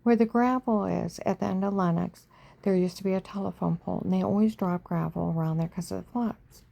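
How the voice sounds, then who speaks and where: A middle-aged woman recounts her own past in a casual, emotional storytelling voice. Her tone is low, gravelly and dark. She often sinks to a hushed near-whisper and checks in with her listener with "okay?". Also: fairly even intonation, fairly quick, lo-fi sound.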